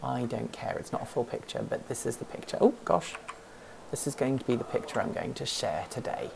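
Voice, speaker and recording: Low gravelly woman chatting on a stream. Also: lively intonation, brisk, noisy background. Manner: rambling, thinks aloud, answers chat questions. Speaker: host of a livestream hangout. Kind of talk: casual live-stream chat. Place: office.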